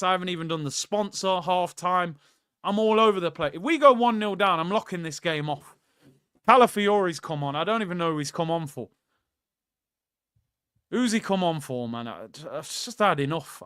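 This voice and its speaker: A young man rants through a live football watchalong, heated and restless. His voice sits high and comes through smooth and clean. The sound is dry and close to the mic. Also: fairly bright tone, no room sound. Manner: heated, ranting, reads out viewer messages. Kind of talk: live reaction commentary.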